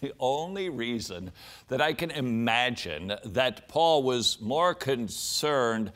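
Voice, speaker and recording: A male host speaks slowly and thoughtfully, his pitch moving widely as he muses. The delivery is relaxed and conversational, framing a story for his viewers. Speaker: show host. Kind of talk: reflective commentary.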